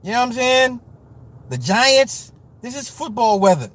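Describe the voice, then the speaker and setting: A man from the US Midwest hosting a casual livestream, talking to chat with profane, joking, animated rants. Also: very high voice, measured pace. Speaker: livestream host reading chat.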